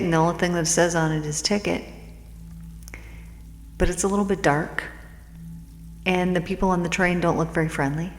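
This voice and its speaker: A woman host and spiritual teacher telling a parable in a casual, meandering way, with lots of fillers and repeated words. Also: fairly low pitch. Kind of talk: storytelling a parable. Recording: echoey room with long reverb.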